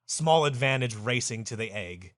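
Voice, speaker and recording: A man's voice: mid-range voice, animated, normal speed, no room sound, studio quality. A man co-hosting a comedy podcast, riffing crudely and explaining things in a lecturing way, breaking into laughs. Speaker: podcast co-host.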